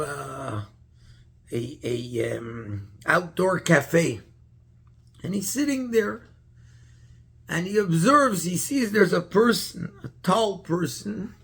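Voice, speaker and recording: A rabbi tells a story in a Torah class with a gravelly, husky voice. He stops often to hunt for words and restarts his sentences. His voice sits fairly high for a man. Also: fairly bright tone. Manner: halting, searching for words, many restarts.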